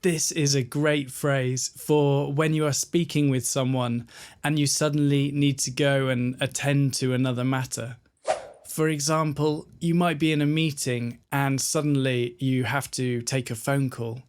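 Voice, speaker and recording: A man with a British accent teaching pronunciation, breaking words down slowly and carefully. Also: mid-range voice, little pitch movement, background noise. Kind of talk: pronunciation lesson.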